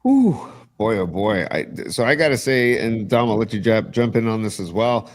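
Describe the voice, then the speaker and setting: A man hosting a casual sports chat on a live stream, opinionated and excitable, with lots of fillers and restarts. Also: on the low side, moderate pace. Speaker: podcast host.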